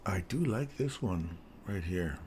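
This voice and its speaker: A man's voice: low-pitched, expressive, unhurried, a little mellow, a little hiss or hum. A man hosting a live trading stream, explaining chart setups in a casual, joking way with a groggy morning voice and frequent "right?" check-ins.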